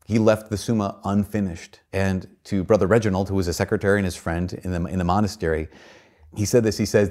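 Earnest low-voiced priest preaching. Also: male voice, steady tone, fast, a little mellow. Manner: earnest, storytelling, shifting emphasis. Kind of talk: homily.

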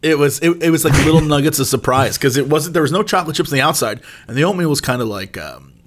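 Guy telling a funny story, voice bouncing all over, pitch shoots way up on quotes. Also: fast, noisy background. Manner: animated storyteller, jumps up high when quoting himself. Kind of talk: casual chat, storytelling.

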